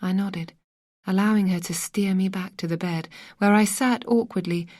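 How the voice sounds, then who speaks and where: A woman's voice: medium pitch, fairly even intonation, normal speed, a little mellow, no room sound, studio quality. A woman narrating a first-person suspense audiobook, raising her voice into urgent, anxious tones for the dialogue.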